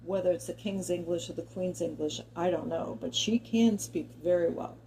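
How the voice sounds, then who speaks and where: Chatty woman with a warm, mellow voice. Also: fairly low pitch, moderate pace, slight background noise, low-quality recording. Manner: chatty and digressive, talks directly to viewers. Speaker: commentary vlogger. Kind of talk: opinion monologue to camera.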